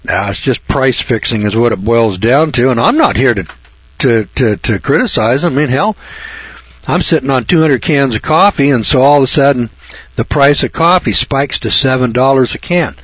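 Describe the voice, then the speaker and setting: A man's voice: medium pitch, expressive, normal speed, husky, dry recording, lo-fi sound. A man hosting a radio talk show, ranting in a folksy, sarcastic monologue that rambles and often restarts.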